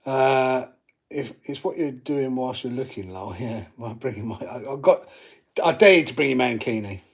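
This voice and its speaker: A man's voice: medium pitch, lively intonation, normal speed, vocal fry, breathy edge. A man hosting a live stream, casually chatting and reading out viewer comments while he works on his gear. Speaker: channel host.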